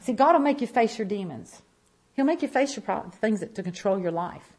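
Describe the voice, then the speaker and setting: A woman in her fifties gives an impassioned church testimony, telling her story emphatically and repeating phrases. Her mid-range voice is animated, brisk, and a little mellow.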